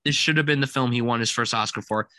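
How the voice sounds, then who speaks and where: Bright-voiced young man gushing about a film. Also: mid-range voice, quick pace, no room sound. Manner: enthusiastic, quotes lines in loud put-on voices. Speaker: film podcast co-host. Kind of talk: casual film review chat.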